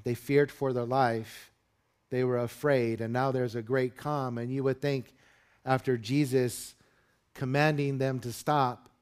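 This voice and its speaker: A man preaching a sermon to his congregation in an earnest, expressive way. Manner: earnest preaching, rising loud and high when dramatizing the disciples. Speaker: pastor.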